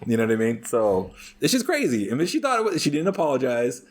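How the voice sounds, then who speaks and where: A man's voice: medium pitch, quick pace. Crude, swearing man telling stories. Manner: crude, heavy swearing, animated storytelling. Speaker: podcast guest. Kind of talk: casual chat.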